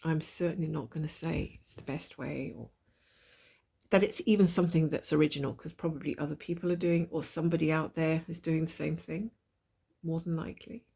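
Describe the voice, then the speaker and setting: Woman with a stuffy nose and a gravelly, raspy voice, chatty stitch-along vlog, thinking out loud. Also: low-pitched, fairly even intonation, a little fast. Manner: chatty, thinking aloud while working, self-deprecating. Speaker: cross-stitch vlogger. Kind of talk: casual stitch-along chat.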